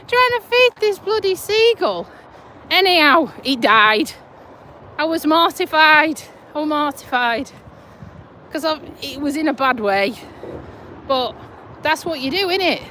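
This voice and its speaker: Chatty woman, lively high voice. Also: slight background noise. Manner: chatty storytelling, laughs often. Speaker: vlogger. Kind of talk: casual live-stream chat.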